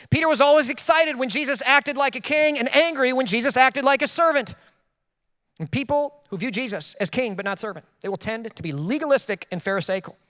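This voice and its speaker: A male pastor preaching with a high, bright-sounding voice, swinging between loud emphatic bursts and quiet self-deprecating asides. His voice rings out with a long reverb, as in a church hall. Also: expressive, brisk. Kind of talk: sermon.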